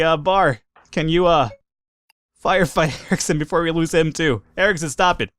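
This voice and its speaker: Man, let's play commentary, excitable, swears a lot, slightly high voice, crisp clear tone. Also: normal speed, no echo, clean studio sound. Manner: excitable, swearing, laughing at his own mistakes. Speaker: gaming commentator.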